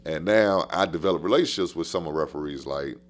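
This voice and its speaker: Deep-voiced man telling coaching stories. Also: fast talker. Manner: animated, slangy, repeats phrases for emphasis. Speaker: basketball coach. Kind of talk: casual podcast storytelling.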